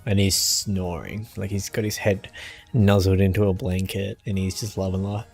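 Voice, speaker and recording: A young man streaming a game and chatting casually with viewers in a relaxed, easygoing way. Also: low-pitched, moderate pace, gravelly, husky, faint music behind. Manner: relaxed, chatty, answers chat with small laughs. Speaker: gaming streamer.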